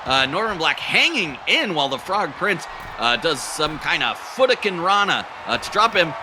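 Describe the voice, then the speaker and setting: A man's voice: fairly high pitch, moderate pace, background noise. A man doing goofy play-by-play wrestling commentary, cracking silly jokes between calls. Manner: goofy, silly jokes, bursts into excited shouting.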